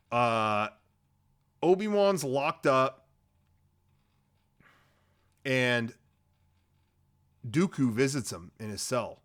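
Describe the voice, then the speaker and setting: A man co-hosting a comedy podcast, retelling a movie plot in a casual, rambling, profane way, at a middle pitch. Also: expressive, very slow, long pauses, a bit bright. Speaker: podcast co-host.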